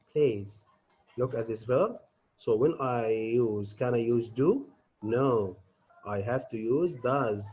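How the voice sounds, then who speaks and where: A man teaching an English grammar lesson. He talks deliberately, asks his students questions and answers them himself. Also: mid-range voice, warm tone, slightly rough, low-quality recording.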